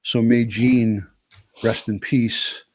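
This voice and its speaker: A man hosting a live stream, speaking haltingly with many fillers and restarts. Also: mid-range voice, level tone, a little mellow, no room sound.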